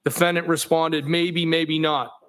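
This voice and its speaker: A man on the witness stand in a courtroom, reading message exchanges aloud in a measured, plain way and correcting himself now and then. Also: a little high, little pitch movement, a bit bright, a little hiss or hum. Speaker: trial witness.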